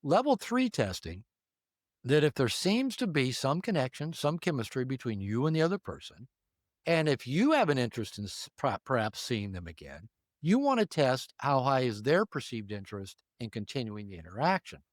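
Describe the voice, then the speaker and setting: Here an older relationship therapist, speaking at normal speed in a mid-range voice, dispenses casual interview advice and brings short conversations to life by changing voices. He's animated, and the recording is dry and studio quality.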